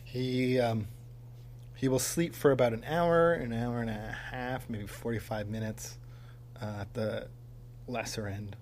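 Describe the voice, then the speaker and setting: A man's voice: medium pitch, steady tone, unhurried, darkish tone, slight background noise. Rambling man hosting a solo podcast. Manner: rambling, frequent ums, self-deprecating humor. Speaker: podcast host. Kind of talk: casual solo podcast monologue. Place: home studio. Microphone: mic on a tripod.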